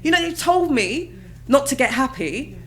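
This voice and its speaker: Animated woman telling her story. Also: moderate pace, rough recording. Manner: animated, bursts into high excited exclamations and laughter when retelling moments. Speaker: interview guest. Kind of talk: candid conversational storytelling.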